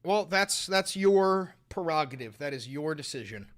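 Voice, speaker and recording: A man ranting at his live-stream chat, exasperated and swearing freely. His voice swings widely in pitch, from low grumbles to sharp yelps. He talks in a casual live-reaction style. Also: sing-song, measured pace, hardly any pauses.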